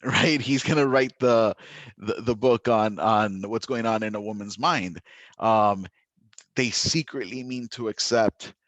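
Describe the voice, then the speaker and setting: A man teaching a literature lesson, talking in a lively, chatty way with frequent laughter and restarts. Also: lowish voice, dry recording. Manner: animated, chatty, laughs often, many restarts. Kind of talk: recorded classroom lesson.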